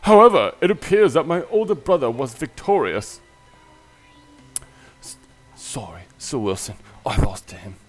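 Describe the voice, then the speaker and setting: A man's voice: medium pitch, sing-song, unhurried, long pauses, soft background music, pitched above the performer's own voice. A man playing a stiff, formal young nobleman.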